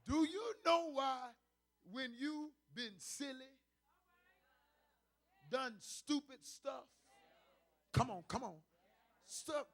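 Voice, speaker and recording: Preacher swinging from hush to shout. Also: male voice, extremely high pitch, lively intonation, drawn-out words, long pauses. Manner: swings from hushed murmurs to shouted exhortations; calls to the congregation, speaks in tongues. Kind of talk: charismatic sermon. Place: church sanctuary with congregation.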